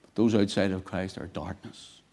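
A man preaching a sermon, swinging between quiet, low lines and loud, emphatic bursts. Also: steady tone, moderate pace, gravelly.

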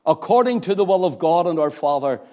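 Northern Irish male preacher, high-pitched and fervent, long hall reverb. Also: lively intonation, fairly quick, a little mellow. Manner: impassioned, rising to emphatic declarations. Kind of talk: sermon.

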